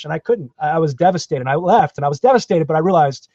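Animated storytelling man from Florida. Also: fairly high pitch, fast talker, breathy edge, no echo, dull audio. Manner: animated, self-deprecating storyteller. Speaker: guest, actor. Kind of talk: podcast interview storytelling.

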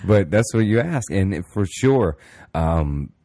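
A man's voice: sits low, animated, takes it slowly, dark tone, no echo, studio quality. A man in casual chat as a podcast co-host, laid-back and swearing freely.

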